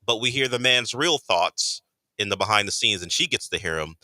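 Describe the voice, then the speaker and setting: A man's voice: on the low side, lively intonation, normal speed, sharp tone, dry recording. A man on a sports talk radio show setting up a segment and explaining it. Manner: storytelling, sets up segments. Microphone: studio microphone.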